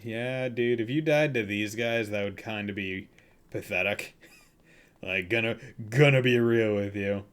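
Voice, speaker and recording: Slow, rambling young male streamer. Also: fairly low pitch, clear, resonant tone. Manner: rambling and joking, with frequent "like" fillers. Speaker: gaming streamer. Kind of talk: casual let's-play commentary.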